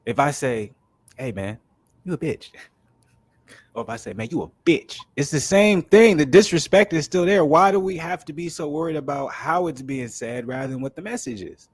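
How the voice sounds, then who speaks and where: Podcast co-host, male, lively sports banter, dry close sound. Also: a little high, moderate pace, no room sound. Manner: animated, quotes people in acted voices. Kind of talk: casual sports chat.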